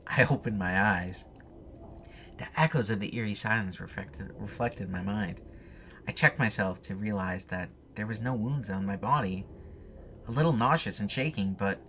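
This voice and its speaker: A man's voice: lowish voice, fairly bright tone, slight background noise. A man playing a text adventure, reading the narration aloud with casual asides. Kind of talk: let's play reading and commentary.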